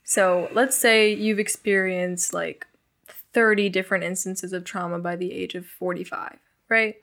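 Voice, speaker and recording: A young woman, a guest in an interview, frankly recounting her past with blunt, profane, animated storytelling. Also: lowish voice, measured pace.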